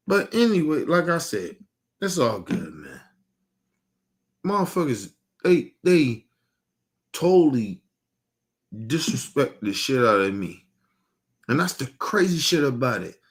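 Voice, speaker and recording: A man streaming an emotional, profane rant, repeating himself with heated questions and trailing off into low mutters. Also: very animated, slow, long pauses.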